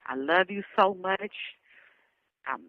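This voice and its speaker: A woman's voice: fairly low pitch, takes it slowly, no echo. Emotional woman rallying her sisters, lo-fi. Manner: impassioned, rallying, repetitive calls. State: emotional, near tears. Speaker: survivor giving a testimonial. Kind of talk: emotional spoken message. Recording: dull lo-fi recording.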